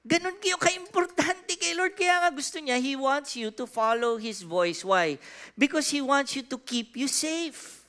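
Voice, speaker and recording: A man with a Filipino accent, preaching a sermon in church, animated and asking the congregation questions, moving between soft and loud. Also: very high voice, a little slow. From Philippines. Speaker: pastor.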